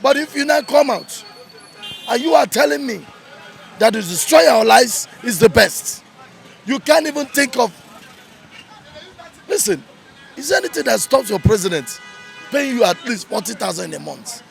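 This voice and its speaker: A man's voice: very high-pitched, lively intonation, moderate pace, creaky, long pauses, faint music behind, some chatter behind. A man with a Nigerian accent giving angry street commentary, heated and repetitive for emphasis. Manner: heated, ranting, repeats points for emphasis. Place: outdoors in a busy urban street.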